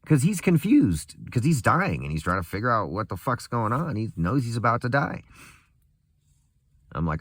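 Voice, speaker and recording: Young man, low voice, bitter profane ranter, very animated pitch, dry close sound. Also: moderate pace, dry recording. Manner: angry, profane, bitter laughter; swings from muttering to raised voice. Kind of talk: casual rant.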